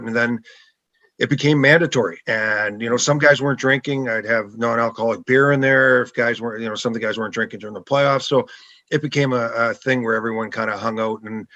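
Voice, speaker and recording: A middle-aged man, a former goalie, telling stories in a relaxed podcast chat and laughing now and then. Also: medium pitch, no room sound, highs cut off. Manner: laid-back anecdotal, laughs often. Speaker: guest, former hockey goalie. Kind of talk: casual podcast storytelling.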